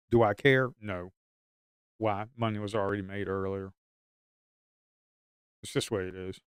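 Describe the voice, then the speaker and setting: A man's voice: fairly low pitch, clear, resonant tone, no echo, clean studio sound. A man giving live stock trading commentary in an emphatic, repetitive way.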